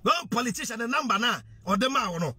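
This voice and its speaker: A Ghanaian man with a very high, bright and husky voice gives a fiery direct-to-camera monologue. He lectures his audience, hammers points home through repetition and asks question after question. His speech switches easily between Twi, English and pidgin. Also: animated, fast talker, faint music behind. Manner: preachy, with rhetorical questions and repetition. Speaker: social media commentator.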